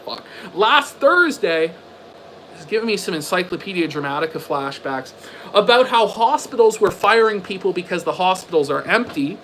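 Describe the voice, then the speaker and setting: A man with a notably high voice delivers an angry livestream rant, profane and sarcastic. He repeats himself and throws out rhetorical questions in a combative way. A faint background hiss sits under the voice. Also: very animated, moderate pace, pushed and bright, low-quality recording. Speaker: livestream commentator. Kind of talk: ranting stream commentary.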